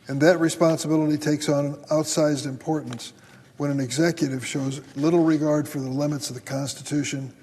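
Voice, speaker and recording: An older man, a senator, delivers a formal floor speech in a measured, deliberate, stern way with a slightly husky voice. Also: mid-range voice, a little mellow. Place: large legislative chamber. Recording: long hall reverb.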